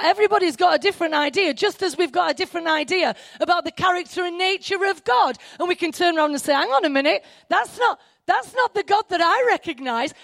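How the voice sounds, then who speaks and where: An excitable woman preacher, her high voice swooping up and down as she breaks off into asides. The sound is dry and close. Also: no room sound. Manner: animated, excitable, self-interrupting with asides. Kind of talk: sermon.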